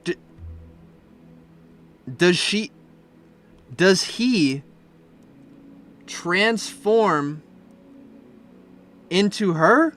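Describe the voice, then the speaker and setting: A young man streaming as he reviews fan art, chatting casually and breaking into loud, profane rants. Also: high voice, animated, extremely slow, pauses often. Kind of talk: live-stream commentary.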